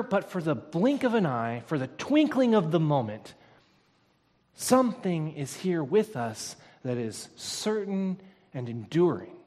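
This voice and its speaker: Pastor guy preaching, kinda high voice, big echoey church hall. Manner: preaching with swelling intensity and emphatic repetition. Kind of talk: sermon. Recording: long hall reverb.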